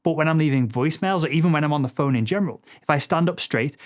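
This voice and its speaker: A man teaching sales technique in a fast, assertive coaching manner, his voice not particularly deep. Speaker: sales trainer. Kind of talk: instructional talk to camera.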